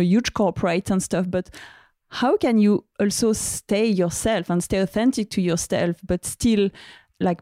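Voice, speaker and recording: A woman's voice: medium pitch, warm tone, dry recording, studio quality. A woman hosting a podcast interview, asking long, searching questions with casual fillers. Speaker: podcast host.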